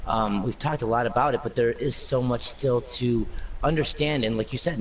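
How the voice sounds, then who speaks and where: A man guesting on a casual gaming discussion, thinking aloud with lots of fillers. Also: medium pitch. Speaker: guest panelist. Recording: distant mic with faint noise.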